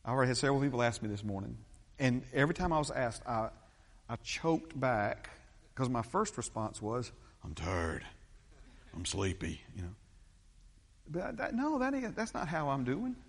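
A middle-aged pastor delivering an emphatic sermon, his voice swinging from hushed to loud. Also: sing-song, brisk. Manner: emphatic preaching with big swings in pitch and loudness. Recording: long church reverb.

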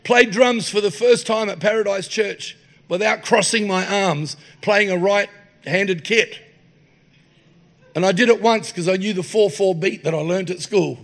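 A man's voice: high-pitched, unhurried, fairly bright tone. A man preaching in a church, mixing jokey anecdotes with sermon points. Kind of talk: humorous sermon storytelling. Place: church hall.

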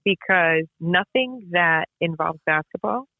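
A woman's voice: fairly low pitch, expressive, a little slow, dry recording. A woman, a basketball referee, tells stories in a casual interview, emphatic and repetitive. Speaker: basketball referee and podcast guest. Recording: tinny phone-line sound.

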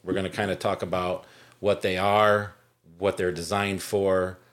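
A man's voice: low voice, flat delivery, unhurried. A man co-hosting a podcast, talking casually and rambling with many ums and restarts. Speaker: podcast co-host.

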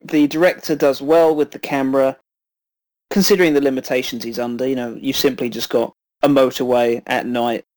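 A man co-hosting a film podcast, reviewing in a measured, hesitant way with frequent ums. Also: mid-range voice, fairly even intonation, darkish tone, rough recording.

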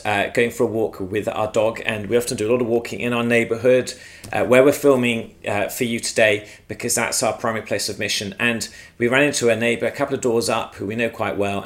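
A man from England, recorded outdoors at his home and telling a faith story with lively, shifting emphasis. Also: mid-range voice. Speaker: guest speaker. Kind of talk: storytelling testimony on video. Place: outdoors at their home, front yard.

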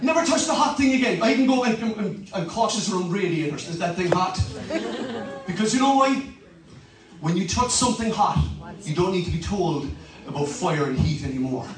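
A man's voice: very high-pitched, moderate pace, very echoey, recorded from a distance, a crowd in the background, low-quality recording. An Irish man in his fifties, a pastor preaching a humorous, storytelling sermon. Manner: animated, humorous, conversational.

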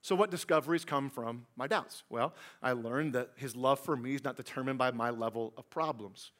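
A man preaching a sermon, telling the story with humor and swinging from hushed to loud. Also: medium pitch, moderate pace. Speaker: pastor.

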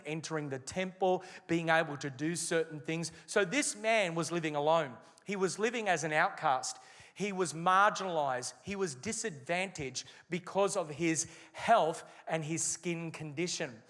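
A man preaching a sermon as a pastor, with emphatic delivery that slows and stresses key phrases. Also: on the high side, fairly bright tone, long reverb tail.

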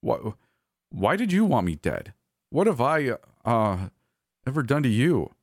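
Man doing a scared stammering guy, halting, pitch jumping, dry close recording. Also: sing-song, no echo. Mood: panicky. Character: terrified, confused adult man, stammering.

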